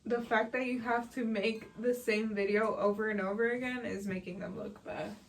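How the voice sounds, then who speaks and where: A woman's voice: a little high, steady tone, normal speed, rough recording. Supportive woman chiming in. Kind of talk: casual chat.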